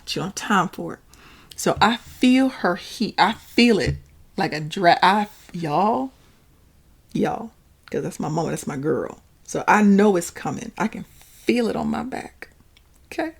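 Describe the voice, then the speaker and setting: A woman, hosting a podcast and telling a story in a chatty, animated way, talking straight to her listeners. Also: on the low side, creaky, slightly rough. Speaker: podcast host. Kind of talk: casual storytelling monologue.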